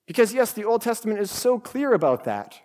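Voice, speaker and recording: A man's voice: high voice, sing-song, brisk, darkish tone, big-room sound. A man preaching a sermon, explaining scripture with emphatic rhetorical questions. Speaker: pastor.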